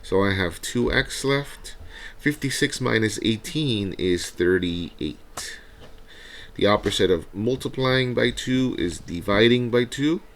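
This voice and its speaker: A man with a deep voice and some vocal fry explains a math problem one step at a time. He teaches in a recorded review video and keeps checking in with his viewers. His tone stays conversational and patient. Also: slow, a little hiss or hum. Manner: talks through each step, often adds "right?".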